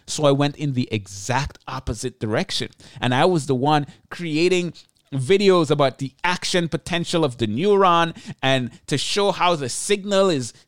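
A tired man hosting a solo podcast, teaching in an energetic, chatty way with self-deprecating asides. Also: a little high, smooth, no echo, studio quality. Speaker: podcast host. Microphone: close podcast mic.

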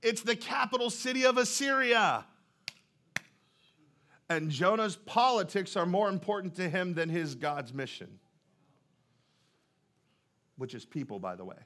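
A man's voice: sits high, very animated, a little slow, long pauses, bright, forceful tone. A male pastor preaching a sermon in a church, in a conversational way, often putting questions to the congregation.

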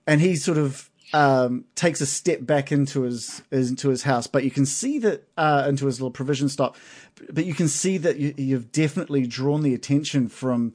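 A man running a tabletop game as game master, narrating in a halting way with many pauses, then speeding up. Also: medium pitch, a little mellow. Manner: halting, many fillers and restarts, then quick bursts.

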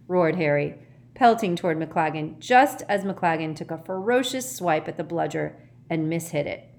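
A woman reads a storybook aloud in a fairly low voice. Her reading is dramatic, with wide, lively swings of pitch. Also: normal speed, creaky. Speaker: audiobook reader. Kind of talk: storybook narration.

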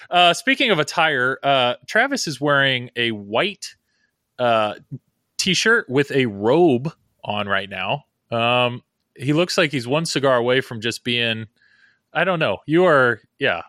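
Lively joking male podcast host. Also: medium pitch, slow, no echo, studio quality. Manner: rambling, joking, self-deprecating. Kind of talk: casual chat.

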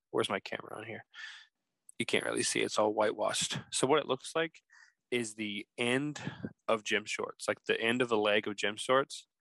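Bright-voiced man telling a story. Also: fairly low pitch, gravelly, no room sound, low-quality recording. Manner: animated, acts out quoted texts. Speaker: podcast host. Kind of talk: casual storytelling.

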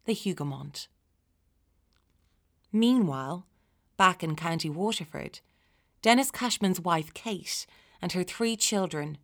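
A woman narrating a historical story in a measured, dramatic way. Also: lowish voice.

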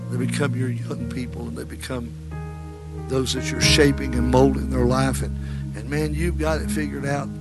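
A male preacher, delivering a sermon with sudden loud rises that drop back low. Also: flat delivery, moderate pace. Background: music playing.

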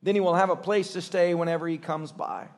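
A pastor with a high-pitched male voice preaches to his congregation. He talks with excitable energy and rises into loud, shouted bursts when he gets caught up in a story. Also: brisk. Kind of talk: sermon. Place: church service.

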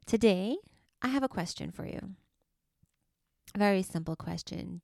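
A woman hosting a spiritual podcast for mothers, speaking softly and affectionately and sometimes dropping to a whisper. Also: mid-range voice, expressive, normal speed, gravelly, pauses often, dry recording, studio quality. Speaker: podcast host and life coach. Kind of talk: slow, soothing spiritual podcast talk.

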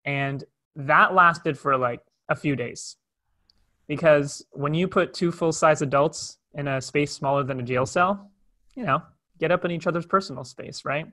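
A young man recounts a personal story in a candid, conversational way. His voice is bright and sits a little higher than most men's, with an animated, natural flow. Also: measured pace. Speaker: speaker telling a personal story. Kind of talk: storytelling talk.

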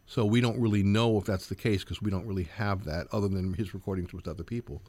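A man's voice: fairly low pitch, fairly even intonation, fast talker, darkish tone, no echo. A man in his sixties, a jazz guitarist and professor, answering interview questions earnestly, with many fillers and repeats.

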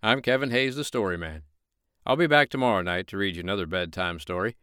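A man's voice: sits low, fast, sharp tone, clean tone, dry recording, clean studio sound. A man reading a bedtime story aloud as narrator, folksy and chatty in his asides.

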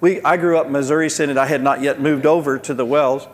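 A man preaching as a pastor, telling folksy family stories in an animated way. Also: fairly high pitch, fast, big-room sound. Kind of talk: sermon with storytelling.

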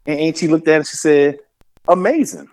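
A man co-hosting a casual sports talk radio show, an animated storyteller who laughs often and acts out the people he quotes. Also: fairly high pitch, fast talker, clean tone, poor audio. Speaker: co-host.

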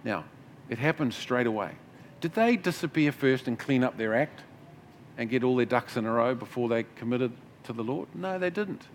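A middle-aged male pastor preaches in a relaxed, conversational way, slipping in asides, restarting phrases and musing aloud between points. His voice sits at an ordinary pitch, and a faint hum of room ambience stays under him. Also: normal speed. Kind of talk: sermon.

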